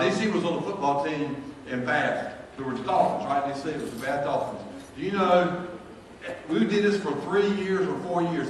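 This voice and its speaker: Folksy preacher in echoey church. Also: male voice, fairly high pitch, background noise. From North Carolina, US. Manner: folksy, jokey, builds to shouted praise. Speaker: pastor. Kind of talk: storytelling sermon. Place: large church sanctuary. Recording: echoey church hall from far off.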